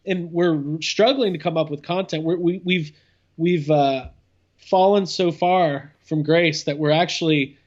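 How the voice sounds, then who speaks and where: A man's voice: a little high, steady tone, measured pace, muffled recording. A man chatting as a podcast guest, rambling and playful with lots of fillers. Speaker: podcast guest, cousin of host. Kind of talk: casual comedic chat.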